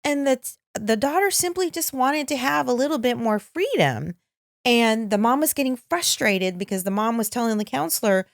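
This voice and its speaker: A woman's voice: on the high side, lively intonation, moderate pace, gravelly, dry recording, studio quality. A middle-aged woman co-hosting a podcast, chatting and acting out quoted voices. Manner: conversational, acts out quoted voices. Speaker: podcast co-host. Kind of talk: casual chat.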